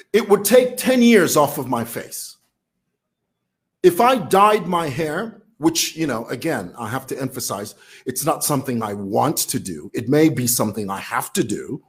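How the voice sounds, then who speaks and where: A man's voice: mid-range voice, expressive, a little slow. A man from Zambia with a Zambian accent, talking casually to camera as a vlogger who laughs while he talks. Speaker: vlogger commentator.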